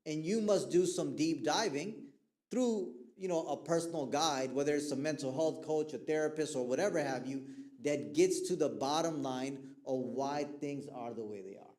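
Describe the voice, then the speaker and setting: A man's voice: fairly high pitch, moderate pace, a little mellow. A man who counsels young people, giving a casual talk to a youth group that keeps checking in with the listeners and acts out the people he quotes. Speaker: mental health counselor speaking to youth.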